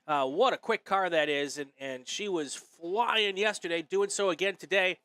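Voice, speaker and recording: A man's voice: high voice, normal speed, a bit bright, clean tone, no echo. A man giving easygoing live play-by-play of a sports car race, with many fillers. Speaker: race commentator.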